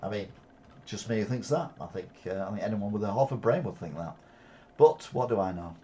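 A man's voice: on the low side, a little fast, dark tone. A man with a Wigan accent hosting an alternative news show, reading headlines and adding sarcastic asides with frequent fillers. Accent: Wigan, Lancashire. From Wigan, England. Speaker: news commentary host. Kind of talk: reading headlines with off-the-cuff commentary.

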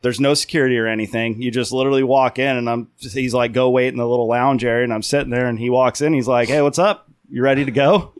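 A man's voice: medium pitch, fast talker, hardly any pauses, clean tone. A man with a mid-range voice co-hosts a podcast and tells a story in a chatty, casual way, acting out quoted lines. The sound is dry and close, with no room echo. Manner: chatty, animated anecdote telling with quoted lines. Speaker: podcast co-host. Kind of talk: casual chat.

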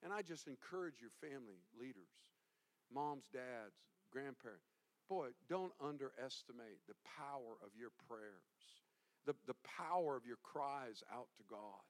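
A male pastor preaching a sermon, animated and emphatic, swinging from hushed to loud. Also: mid-range voice, unhurried.

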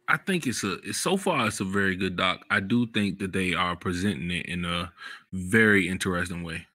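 A man hosting a podcast, talking in a relaxed, slangy way about wrestling memories, jumping up in pitch when excited. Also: moderate pace, no echo. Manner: relaxed slangy storytelling, bursts of high excitement. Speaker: podcast host. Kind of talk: casual chat.

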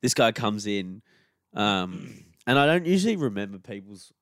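A man's voice: lowish voice, very animated, normal speed, no room sound, clean studio sound. A young Australian man co-hosting a podcast, trading laid-back, jokey banter in casual chat. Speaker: podcast co-host.

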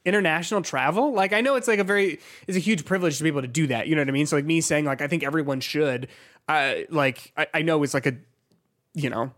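A man's voice: on the high side, fast, a bit bright. A man hosting a podcast, chatting in an upbeat, loose way. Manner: chatty, many fillers and restarts, upbeat. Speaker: podcast host. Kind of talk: casual chat.

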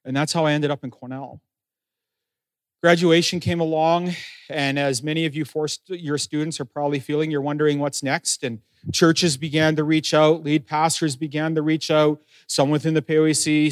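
A man's voice: fairly high pitch, level tone, moderate pace, no room sound. A middle-aged man, a pastor, telling his story in a sermon, acting out conversations with self-deprecating humor. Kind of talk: sermon testimony.

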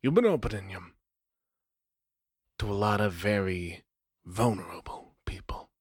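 A man's voice: on the low side, slightly rough, no room sound, clean studio sound, pitched below the performer's own voice. A man voicing a scrawny, androgynous punk vampire who talks in slangy, drawling threats and sometimes sinks into a whisper. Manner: slangy, drawling tough talk.

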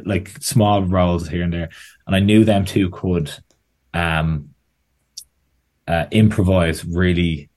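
A deep-voiced Irish man talks about his filmmaking in a relaxed interview. He rambles and restarts his sentences, leaning on "kind of" and "like" as he goes. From Ireland. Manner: rambling, self-correcting, frequent "kind of" and "like". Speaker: writer and director, guest. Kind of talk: casual interview chat.

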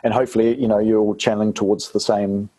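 A man's voice: on the low side, flat delivery, fast talker, dark tone. A man from New Zealand with a New Zealand accent, an actor chatting casually as an interview guest, rambling with fillers and restarts.

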